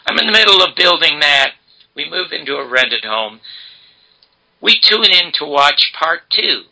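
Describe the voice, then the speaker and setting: An older man telling stories as an interview guest, animated and acting out the dialogue he quotes. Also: fairly high pitch, a little slow, creaky, low-quality recording. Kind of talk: storytelling interview.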